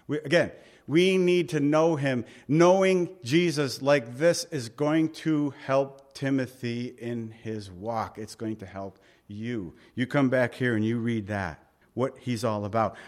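A man preaching a sermon, animated, laughing often, acting out quotes and asking his listeners questions. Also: mid-range voice. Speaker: pastor.

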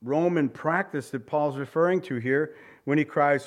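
Man preaching with dramatic hushed emphasis. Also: measured pace. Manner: dramatic swings from loud exclamations to hushed low emphasis; repeats key words for emphasis. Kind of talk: sermon.

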